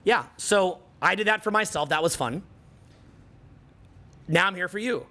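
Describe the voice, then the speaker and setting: A man's voice: high voice, a little slow, sharp tone. A middle-aged man with a Canadian accent, giving an emphatic motivational seminar talk as a coach, often repeating phrases for effect. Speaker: social skills coach.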